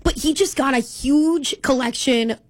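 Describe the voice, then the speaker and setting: A woman's voice: high-pitched, a little slow, slight background noise. A young woman co-hosting a casual chat, telling playful stories and acting out bits with voices. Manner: animated, playful storyteller who acts out voices.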